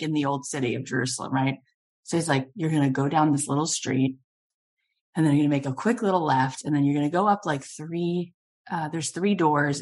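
A woman with a very low-pitched voice hosts a relaxed interview. She tells personal stories in an animated way and often breaks into laughter. Her delivery is expressive and conversational. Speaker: podcast host.

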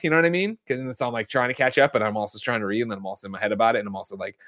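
A man's voice: on the low side, racing, hardly any pauses, a bit bright. A man hosting a podcast, chatting in a jokey, rambling way and reading the news aloud. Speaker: podcast host. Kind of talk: casual chat and ad read.

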